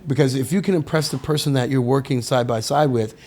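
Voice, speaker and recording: A middle-aged man, a guest on a podcast, telling stories in a casual, animated way, acting out the voices of people he quotes and swearing now and then. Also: medium pitch, fast. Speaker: podcast guest, sommelier and winemaker. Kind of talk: casual storytelling interview.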